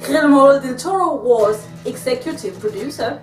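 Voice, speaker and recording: A woman's voice: sits high, moderate pace, soft background music, lightly acted. A woman playing a proud swashbuckling masked heroine with a put-on Spanish accent, speaking formally and grandly in a comedic movie review. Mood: grandly puzzled.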